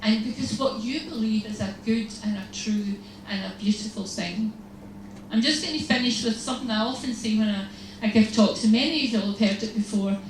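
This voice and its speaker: Nun in an echoey hall. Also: female voice, on the high side, fairly quick. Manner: humorous, storytelling, acts out exchanges. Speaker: religious sister giving a talk. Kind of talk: lively faith talk to an audience. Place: large hall. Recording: echoey hall, distant mic, faint noise.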